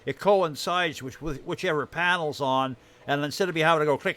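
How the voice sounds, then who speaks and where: A man's voice: on the high side, a little fast, fairly bright tone. A man streaming a game live, rambling casually about his farm build, his throat dry and irritated. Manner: rambling, chatty, greets viewers while showing his build.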